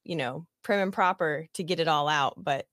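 A woman with a notably low voice chats as a podcast guest. Her delivery is lively and quick, with frequent laughter. The sound is close and dry, with no room around it. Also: no room sound. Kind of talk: casual podcast chat.

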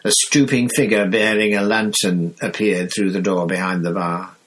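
A man narrating a novel aloud with a low, even voice. His reading is measured and steady, keeping the story moving. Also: poor audio. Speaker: audiobook reader. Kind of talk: scripted narration.

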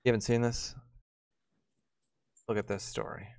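A man's voice: on the low side, little pitch movement, moderate pace, vocal fry, a little mellow, clear, resonant tone. A male host reading news aloud in casual chat, breaking off for joking, sarcastic asides.

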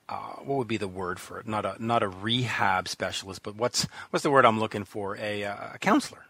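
A man's voice: on the low side, fairly bright tone, no room sound. A Canadian man hosting a radio interview, upbeat and chatty, with effusive introductions. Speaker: radio host.

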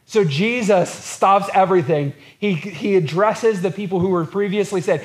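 A man's voice: high voice, moderate pace, few pauses. A man preaching a sermon as pastor, earnest and repetitive, acting out quotes from scripture.

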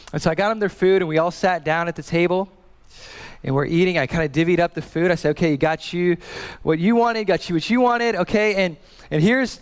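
A man in his thirties preaching a sermon as a pastor, telling a family story in a lively way and often repeating and restarting words. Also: sits high, smooth, big-room sound.

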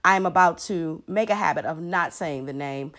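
A woman's voice: on the low side, moderate pace, fairly bright tone. A woman hosting a Sunday devotional podcast, talking casually and earnestly with frequent ums. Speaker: podcast host.

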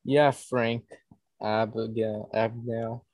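Deadpan man on a dry mic. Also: mid-range voice, slow, dry recording. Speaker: podcast co-host. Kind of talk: casual movie review chat.

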